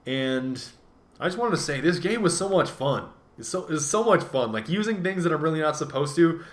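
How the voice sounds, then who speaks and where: A gaming commentator with a fairly high, expressive voice talks at a moderate pace over his game footage in casual commentary. He rambles from point to point, dropping jokes and playful self-mocking asides along the way.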